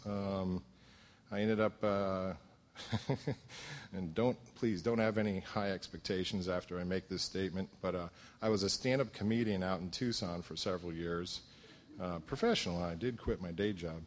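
Low-voiced man sharing his story, joking. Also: moderate pace. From southern Connecticut. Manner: humorous, self-deprecating storytelling with many fillers. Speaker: recovery meeting speaker. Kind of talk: personal testimony at a support meeting.

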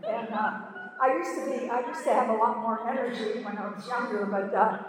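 An older woman in her eighties tells her story in a chatty, laughing way, sprinkling in "you know" and filler words. Her voice sits a bit high, and it's picked up from some distance in a large, echoey hall with long reverb. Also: steady tone, brisk, a crowd in the background. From Pittsburgh, Pennsylvania. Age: 80s. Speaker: speaker sharing her recovery story. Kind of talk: casual storytelling talk.

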